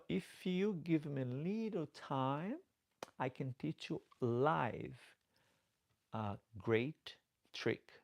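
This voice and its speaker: Slow, gravelly-voiced man chatting on a live stream. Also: medium pitch. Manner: chatty and affectionate, calls viewers darlings; halting, repeats and restarts words. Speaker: drag performer hosting a live stream. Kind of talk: casual live-stream chat, reading viewer comments aloud.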